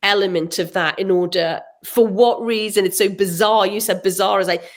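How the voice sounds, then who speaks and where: A middle-aged woman, an author, chatting as a guest and telling animated stories, acting out the people she quotes. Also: mid-range voice, normal speed. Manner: animated storyteller, acts out quotes, frequent laughs. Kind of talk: casual chat.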